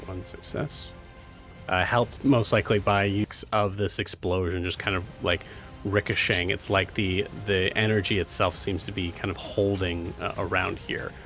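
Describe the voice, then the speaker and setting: A man narrating as game master, casual and halting with lots of fillers. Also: deep voice, steady tone, a bit bright, faint music behind. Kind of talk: running a tabletop game.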